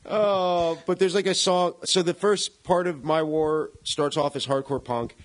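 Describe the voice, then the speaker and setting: A man's voice: fairly high pitch, steady tone, measured pace, poor audio. A man in casual podcast chat about music, rambling, laughing often and swearing casually. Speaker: podcast co-host.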